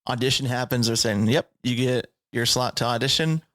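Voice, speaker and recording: A man hosting a podcast, asking his guest questions in a relaxed, chatty way. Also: medium pitch, a little fast. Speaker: podcast host. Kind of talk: casual chat.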